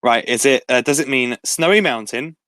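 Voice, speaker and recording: A man's voice: medium pitch, normal speed, a bit bright, dry recording. Young male quiz host, casual, dry close sound, laughs between questions. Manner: reads questions and options aloud, laughs often.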